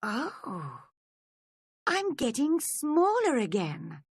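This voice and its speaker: Woman voicing young Alice, lively and fretful. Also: sits high, extremely slow, no room sound, studio quality, voice pushed up, full character voice. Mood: worried. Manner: wondering, fretful. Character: curious young girl Alice, easily upset.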